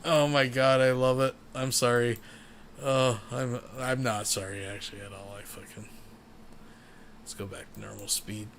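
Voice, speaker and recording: A man's voice: medium pitch, flat delivery, normal speed, a bit bright. The man has a mid-range voice, tipsy and rambling through crude, casual commentary. A faint hiss of background noise sits under his talk. He hosts the show alone. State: tipsy from beer. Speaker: commentary channel host.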